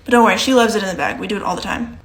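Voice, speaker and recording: A woman's voice: medium pitch, rapid-fire, a bit bright. A young woman performing short comedy sketches, playing every part herself with a dry, matter-of-fact delivery.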